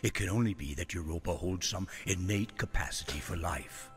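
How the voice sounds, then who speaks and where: A man voicing a calm, reflective colonist who narrates a game. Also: deep voice, moderate pace, husky, soft background music.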